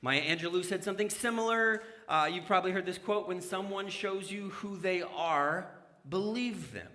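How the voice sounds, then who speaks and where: A man's voice: high-pitched, moderate pace, pushed and bright. A man preaching a conversational sermon in a church, asking the congregation questions as he goes. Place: church sanctuary. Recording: church hall reverb.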